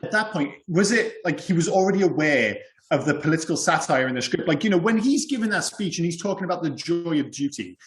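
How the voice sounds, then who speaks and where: A man's voice: a little high, expressive, fast, few pauses, roomy sound. A man co-hosting a podcast, talking casually and rambling about a film with lots of "you know" and "yeah". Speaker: podcast co-host.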